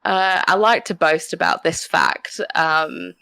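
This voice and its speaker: A woman's voice: fairly low pitch, slow, gravelly, bright, forceful tone, no room sound. A woman in her thirties from Australia, with a mixed Australian, English and Canadian accent, chatting casually on a podcast with lots of fillers and laughs. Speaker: podcast co-host.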